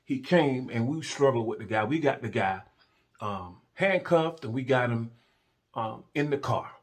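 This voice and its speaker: Ex-cop in his middle years, colloquial and animated storyteller, mid-range voice. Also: medium pitch, unhurried. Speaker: former police officer telling a story. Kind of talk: casual storytelling.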